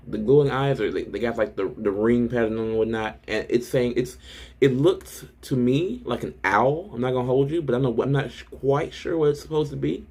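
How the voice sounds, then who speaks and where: A young man casually recapping a manga chapter and reacting to it, excited and profane, with lots of "um"s and restarts. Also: medium pitch, breathy edge.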